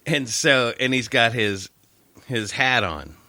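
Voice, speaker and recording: A middle-aged man co-hosting a casual podcast, telling a story and jumping his voice up high for the people he quotes. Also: expressive, slow pace, sharp tone. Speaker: podcast co-host.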